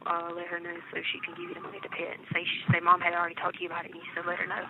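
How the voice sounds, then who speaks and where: A woman's voice: fairly low pitch, completely flat delivery, racing. A middle-aged woman on a jail phone call, chatty and a little hyper from lack of sleep, acting out the people she tells about. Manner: chatty storyteller, acts out the people she quotes. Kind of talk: casual phone chat. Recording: tinny jail phone line with faint noise.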